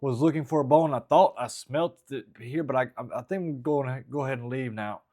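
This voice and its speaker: A man's voice: mid-range voice, fairly quick, darkish tone, lightly acted. A man putting on a sheepish stammering male dog. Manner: stammering, nervous retreat. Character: sheepish male dog caught sniffing around.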